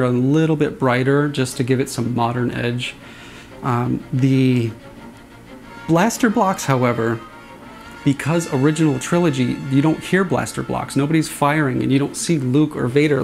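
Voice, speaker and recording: This saber sound font designer has a creaky, mid-range voice. Casual and a little rambling, he walks through how he designed a sound, vocalizing the swing effects himself as part of the demo.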